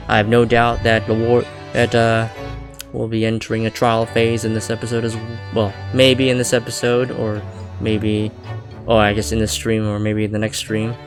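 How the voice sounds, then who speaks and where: Rambling male game streamer. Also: mid-range voice. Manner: rambling, many fillers and self-corrections. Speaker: streamer playing a video game. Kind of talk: casual live-stream commentary.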